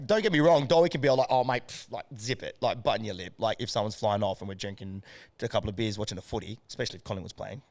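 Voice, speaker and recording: An Australian man, a strength coach, chatting casually as a podcast guest and telling stories with lots of energy and swearing. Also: mid-range voice. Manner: animated storyteller, swears freely.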